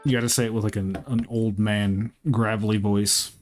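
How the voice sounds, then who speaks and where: A man's voice: lowish voice, level tone, moderate pace, soft background music. A man streaming a game, chatting casually and profanely with his viewers in a rambling, joking way. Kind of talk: casual chat with live chat while playing.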